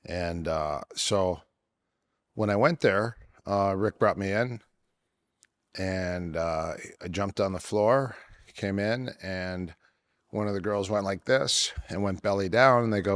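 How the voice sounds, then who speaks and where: Lower-voiced middle-aged man telling stories. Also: slow, long pauses. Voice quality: voice strained from years of yelling. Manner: rambling anecdotes with many fillers and self-corrections. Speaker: guest, MMA coach. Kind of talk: casual storytelling interview.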